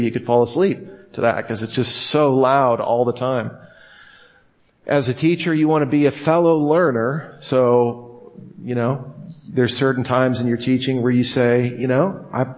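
A man teaching a class on how to preach, talking casually, joking and acting out quotes. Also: mid-range voice. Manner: casual, jokey, acts out quotes with laughs. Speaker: Bible teacher. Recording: long hall reverb.

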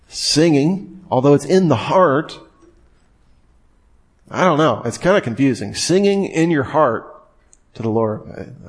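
A young man delivers a sermon in a relaxed, conversational way, voice at an ordinary middle pitch. He keeps turning to the listeners with questions and slips into the imagined inner voices of reluctant churchgoers. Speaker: preacher.

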